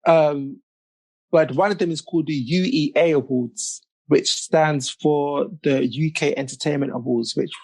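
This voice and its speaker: A man's voice: mid-range voice, vocal fry, darkish tone, slightly rough. A British man chatting as a podcast guest, laughing easily and restarting his sentences. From United Kingdom. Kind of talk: casual chat.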